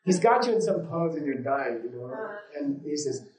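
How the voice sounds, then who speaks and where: A man with a slightly high voice teaches a class in a loose, rambling way, full of fillers, side stories and easy laughter. His voice carries a noticeable room echo, as if he is speaking in a roomy indoor space. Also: big pitch swings, normal speed, a loud crowd. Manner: rambling and informal, many fillers, laughs easily. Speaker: yoga and meditation teacher. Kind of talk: casual teaching talk with anecdotes.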